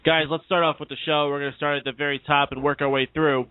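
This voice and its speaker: A man's voice: fairly high pitch, level tone, fast talker, clean tone, no room sound. A man hosting a live internet radio post-show, talking in an upbeat, announcer-like way. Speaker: lead host. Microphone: internet call. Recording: dry tinny call audio.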